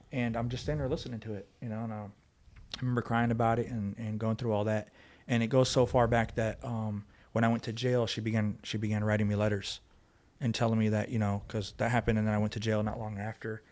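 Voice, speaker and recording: A man's voice: fairly low pitch, little pitch movement, darkish tone. A man, a former police officer, telling his story as a guest on a podcast, emphatic and acting out what others said. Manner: fast, emphatic retelling, acting out quoted voices. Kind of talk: conversational storytelling. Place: podcast studio.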